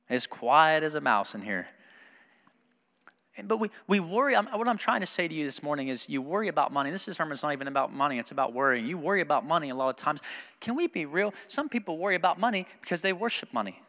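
Pastor guy preaching, chatty and jokey then emphatic, bright tone, echoey church. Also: on the high side, big pitch swings, fast. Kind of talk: sermon. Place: church sanctuary.

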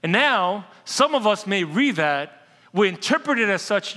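A man preaching a sermon as pastor, an animated storyteller who slows down to stress key points, in a church sanctuary. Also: high voice. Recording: long hall reverb.

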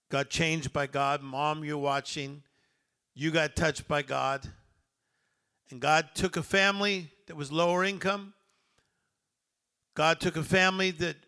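A middle-aged man preaching a sermon as pastor, swelling into loud emphatic lines and dropping back to a quiet telling. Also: on the high side, clean tone.

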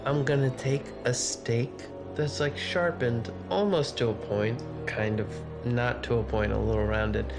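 A man's voice: mid-range voice, steady tone, a little slow, gravelly, hardly any pauses. A man voicing a boastful, cruel young prince in a slurred, giggly drunk retelling, with music behind. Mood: drunken bravado. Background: background music.

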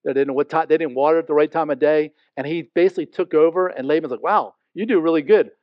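A man preaching an expository sermon, animated, acting out the people he quotes. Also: a little high, rapid-fire, no room sound, dull audio. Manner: animated, acts out quoted speech. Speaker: pastor.

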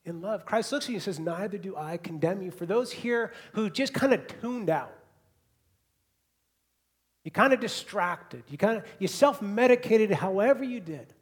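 Man, pastor, sermon, slightly high voice, hushed then emphatic delivery. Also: animated, moderate pace. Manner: swings from hushed, soft repetitions to loud, emphatic bursts. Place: church hall.

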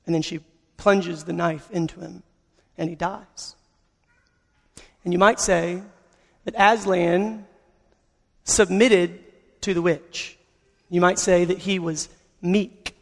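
Earnest high-voiced preacher in a hall. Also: male voice, slow pace, pauses often. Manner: earnest, storytelling. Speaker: pastor. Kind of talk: sermon.

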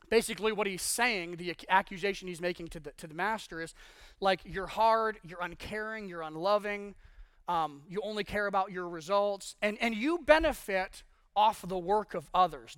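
High, bright-voiced male pastor preaching. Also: dry recording, studio quality. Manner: conversational, animated preaching with many "like" fillers. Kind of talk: sermon.

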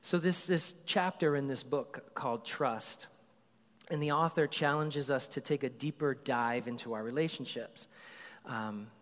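A middle-aged man preaching a sermon as a pastor, telling stories about his kids in a casual, conversational way. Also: medium pitch. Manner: conversational storytelling, animated when excited. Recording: long reverb of a large hall.

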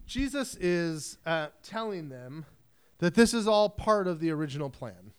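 A man's voice: fairly high pitch, sing-song, a little slow, clear, resonant tone. A man preaching a sermon in a casual, conversational way, mixing scripture reading with chatty asides. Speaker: pastor.

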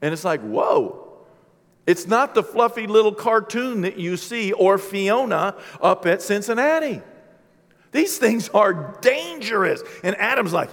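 Animated preacher with a fairly high voice. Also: male voice, measured pace. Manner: animated, humorous storytelling. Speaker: pastor. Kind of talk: sermon. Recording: long hall reverb.

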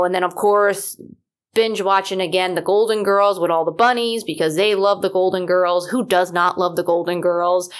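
A woman host chatting on her podcast in a loose, rambling way, full of ums and likes. Her voice sits a little low for a woman. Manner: chatty, rambling, many fillers. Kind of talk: casual solo chat.

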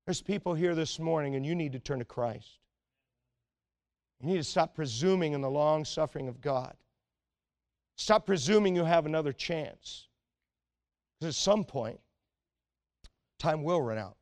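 Male pastor, fairly high voice, earnest sermon delivery that sinks to quiet urgency. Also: lively intonation, measured pace, pauses often. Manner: earnest and exhorting, often dropping to a quiet, intense tone.

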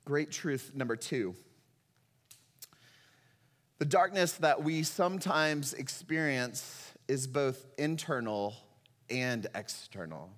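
A man's voice: mid-range voice, animated, slow pace, long pauses, a bit bright, big-room sound. A middle-aged man preaching a sermon as pastor, emotional and rising to impassioned cries as he reads scripture.

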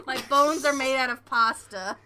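A woman's voice: high-pitched, very animated, slow pace, pushed and bright. A woman, co-hosting a casual podcast chat in a playful, mock-indignant way. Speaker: podcast co-host. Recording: noisy background.

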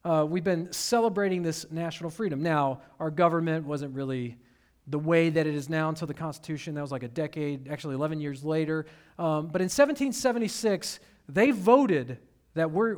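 A man from Detroit, Michigan, preaching a sermon as a pastor in a conversational storytelling way with humorous asides. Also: on the high side.

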